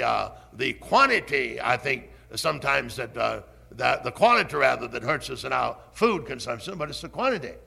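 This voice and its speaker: An older man preaching a sermon, slow and emphatic, swinging up and down in his delivery. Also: a little high, creaky, sharp tone.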